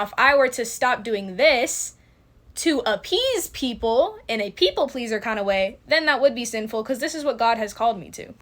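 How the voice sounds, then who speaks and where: A woman's voice: a little high, a bit bright. A young woman giving a candid, slangy Bible-study talk straight to camera. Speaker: Christian content creator. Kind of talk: casual Bible-study vlog.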